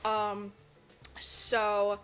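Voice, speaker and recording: A woman's voice: mid-range voice, extremely slow. A woman podcast co-host recapping a movie in casual chat, swearing freely and mimicking the characters as she goes. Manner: animated, profane storytelling, mimics characters.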